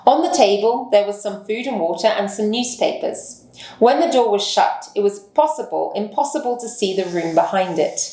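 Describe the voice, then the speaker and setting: A woman teacher reads a story aloud for language learners in clear, careful narration. Her voice sits at a middle pitch. The recording has a noticeable room echo. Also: animated, moderate pace, mellow. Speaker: English teacher reading a story. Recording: echoey room.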